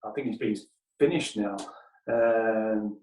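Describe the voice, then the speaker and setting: Host, halting casual talk, mic set back in an echoey room. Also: male voice, lowish voice, darkish tone, far from the mic, a little hiss or hum. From Newcastle. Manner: halting, restarts often, asks questions. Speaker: host, record shop worker. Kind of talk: casual chat.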